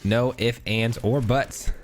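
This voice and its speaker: A man's voice: mid-range voice, steady tone, takes it slowly, faint music behind. A male gaming host with a stuffy nose, giving casual, chatty commentary while he plays and thinks aloud. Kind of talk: gameplay commentary.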